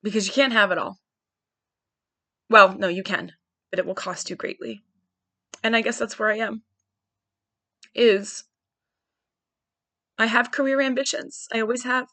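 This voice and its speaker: A woman's voice: on the high side, steady tone, a little slow, long pauses, sharp tone, dry recording. A woman in her forties hosting a podcast, candidly thinking aloud in a searching, wry monologue. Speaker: podcast host. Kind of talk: personal reflective monologue.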